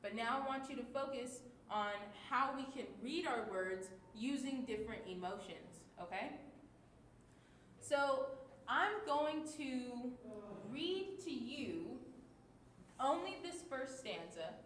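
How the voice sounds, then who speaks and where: A woman with a high voice teaches children at an unhurried pace. She talks patiently and keeps checking in with her listeners. The room is echoey, with faint noise behind her. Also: lively intonation, fairly bright tone. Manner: clear, patient teacher talk with many check-ins. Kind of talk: children's lesson video.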